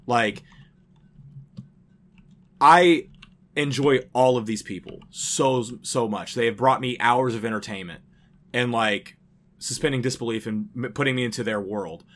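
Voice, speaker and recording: A man co-hosting a casual podcast chat, his voice bright and forward. He rants with animated, exasperated energy and swears freely. His pitch sits at an ordinary middle range for a man. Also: measured pace, pauses often. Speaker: podcast co-host.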